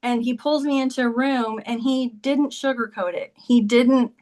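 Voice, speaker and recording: A woman's voice: on the high side, normal speed, a little mellow. A woman talking as a podcast guest, telling a personal story in a conversational way and often saying "like" and "he goes".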